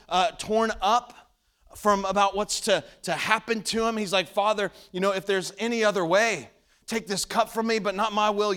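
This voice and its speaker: A male pastor preaches to a church, retelling a story with lively, dramatic delivery. His voice sits high for a man, and he slips into the voices of the people he quotes. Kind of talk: sermon.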